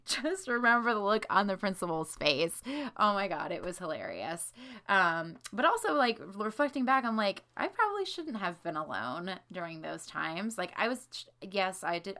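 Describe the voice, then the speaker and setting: A young woman tells childhood stories in a candid, rambling way, full of fillers and casual swearing. Her voice sits low and has a gravelly fry. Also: fairly bright tone. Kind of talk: casual storytelling of childhood memories.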